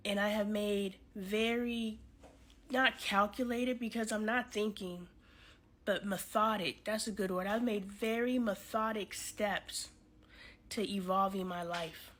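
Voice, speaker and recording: Woman vlogger, casual talk to camera, animated and blunt, slightly high voice. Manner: animated, outspoken, swears freely; talks straight to viewers, says "y'all". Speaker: family advocate content creator.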